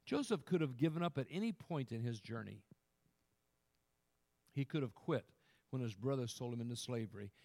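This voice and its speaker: A man preaching a sermon, who swells loud to stress a point, then drops quiet and earnest, and often restarts words as he presses on. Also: mid-range voice, normal speed, pauses often. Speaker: pastor.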